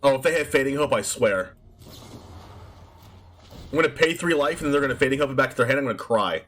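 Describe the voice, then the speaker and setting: A man streaming a card game live, commenting excitably with frequent shouts and laughs. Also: medium pitch, quick pace.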